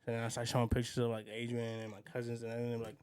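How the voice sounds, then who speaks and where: This podcast co-host has a mid-range, monotone voice that is clear, resonant and a little mellow, and he talks very fast. He tells rambling stories in casual chat, acting out what people said.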